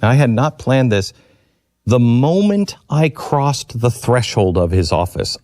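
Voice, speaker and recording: A man hosting a radio talk show, telling a personal story in an earnest, reflective way with halting restarts, into a studio microphone. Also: medium pitch, big pitch swings, a little mellow, no room sound.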